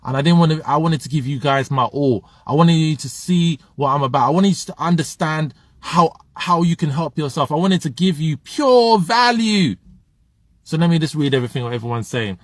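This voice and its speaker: High-voiced passionate motivational man. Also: lively intonation, moderate pace, dry recording, clean studio sound. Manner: passionate, preachy, reads viewer comments aloud. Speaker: motivational live streamer. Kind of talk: motivational livestream talk.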